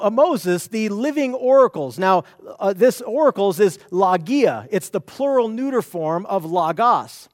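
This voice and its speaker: A man's voice: high-pitched, dry recording. A man preaching an expository sermon, teaching earnestly and often restarting or repeating words as he works through the text.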